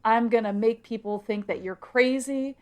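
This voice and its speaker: A woman co-hosting a casual podcast, retelling a book's plot and slipping into quick quoted voices. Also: a little high. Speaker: podcast co-host. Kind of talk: casual book recap chat.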